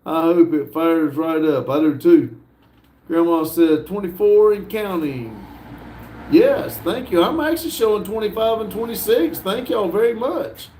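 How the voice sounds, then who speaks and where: A man hosting a casual livestream, reading viewer messages aloud in an unhurried way, with frequent fillers and chuckles. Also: sits high, lively intonation, warm tone, reverberant, slight background noise. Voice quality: laid-back, chuckles often between messages. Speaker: livestream host.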